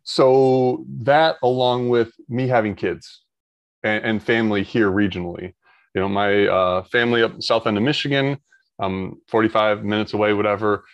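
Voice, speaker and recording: A man's voice: on the low side, steady tone, normal speed, no room sound, lo-fi sound. A man, talking in a casual podcast chat, rambling with many restarts. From Ohio, United States. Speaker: guest.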